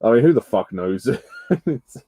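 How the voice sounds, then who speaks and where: A man's voice: medium pitch, animated, measured pace, warm tone, slightly rough, no echo. Podcast host guy cracking jokes, swears, laughs, dead dry recording. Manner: joking, swearing, laughing at his own jokes. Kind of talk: casual chat.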